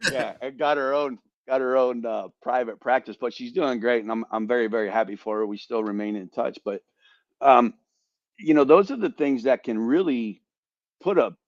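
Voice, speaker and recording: An animated man tells a story on a casual podcast, swearing freely and stumbling over repeated words. His voice sits at an ordinary pitch. The recording is dry and a little dull, like a lo-fi mic. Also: normal speed, no room sound. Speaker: podcast host, veteran.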